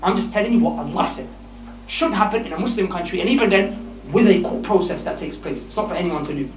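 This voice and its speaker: A man preaching a lively sermon to young men, emphatic and animated, often laughing mid-sentence. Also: sits high, fast. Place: mosque hall. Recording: echoey hall, distant mic, faint hiss.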